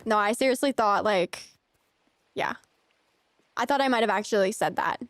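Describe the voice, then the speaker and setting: A young American woman streams a farming game and chats casually with her viewers, giggling and using lots of filler words. Her voice is medium in pitch, her speed is normal, and there's no echo.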